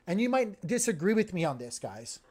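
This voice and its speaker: A man's voice: sits high, sing-song, fairly quick, a little mellow, slightly rough. A man hosting a crypto livestream, talking in a heated, emphatic way and repeating himself as he gets worked up.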